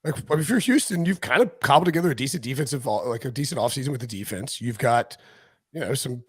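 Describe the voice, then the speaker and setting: A husky-voiced man rambles through casual podcast chat with a lively, swooping delivery. His voice sounds dry and close. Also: mid-range voice, fast, no echo. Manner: rambling, animated, many fillers. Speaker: football podcast host.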